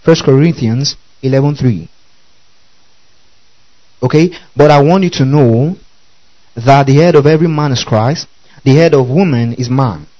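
A man's voice: mid-range voice, a little slow, pauses often, mellow, muffled recording. A man preaching a Bible-teaching sermon, often asking the congregation whether they follow. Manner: keeps checking the audience follows, repeating questions.

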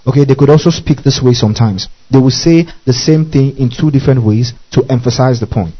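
A man's voice: medium pitch, fairly quick, breathy edge. A man teaching a Bible lesson in a church service, repeating each point, spelling out key terms and often checking whether listeners follow. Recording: dull lo-fi recording.

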